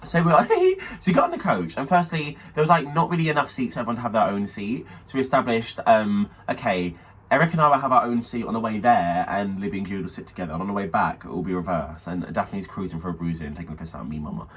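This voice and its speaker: Camp, fast-talking young Englishman telling stories. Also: on the low side, lively intonation, a bit bright, husky. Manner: camp and gossipy, calls his co-host honey and mama; laughs often and acts out quoted voices. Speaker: podcast co-host. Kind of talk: casual comedic storytelling.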